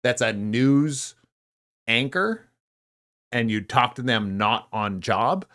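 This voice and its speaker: A man's voice: medium pitch, takes it slowly, fairly bright tone. A middle-aged man from California co-hosting a casual live podcast, rambling and debating with mock voices. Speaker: podcast co-host.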